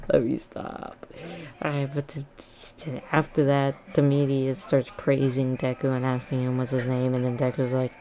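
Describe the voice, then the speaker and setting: A woman with a deep, low voice retells a fan-made story casually, rambling and joking. She keeps correcting herself as she goes, in a loose, offhand delivery. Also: completely flat delivery, moderate pace, mellow. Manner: rambling, jokey, self-correcting.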